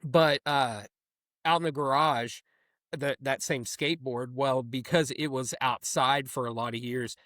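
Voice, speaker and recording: A man co-hosting a metal podcast, telling stories in an animated, chatty way with frequent laughter. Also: mid-range voice, unhurried, no echo, studio quality. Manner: animated storyteller, laughs often. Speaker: podcast co-host. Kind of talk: casual chat.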